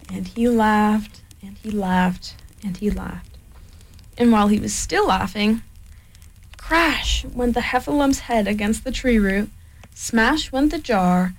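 A woman calmly reading a children's storybook aloud in a soft-spoken way, with relaxed chatty asides. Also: on the high side, rough recording. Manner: calm, unhurried, chatty asides. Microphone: headphones worn.

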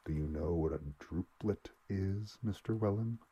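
A man reading aloud and voicing a self-assured elderly doctor who talks in a measured, lecturing way. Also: sits low, creaky, warm tone, breathy edge, lo-fi sound, full character voice.

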